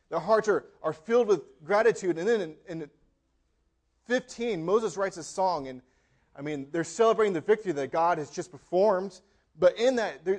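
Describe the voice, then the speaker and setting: Preaching man with a raised pitch. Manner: expressive preaching, dramatic pauses and emphatic scripture reading. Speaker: pastor. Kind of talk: sermon.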